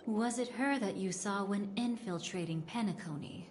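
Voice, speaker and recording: A woman's voice: medium pitch, a little hiss or hum, close to an everyday voice. A woman voicing a cryptic, knowing enchantress. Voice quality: smooth, measured, mysterious. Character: enigmatic, teasing woman with a cryptic, knowing air. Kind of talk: game voice acting. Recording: reverberant game audio with music.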